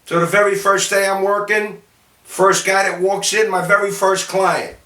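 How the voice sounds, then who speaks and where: A man from City, telling salty anecdotes about his bartending days in a lively, gesturing way. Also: sits high, normal speed. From Jersey City, New Jersey, US. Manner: animated, gestures while talking, salty. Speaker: storyteller, former bartender. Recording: roomy sound from a distant mic.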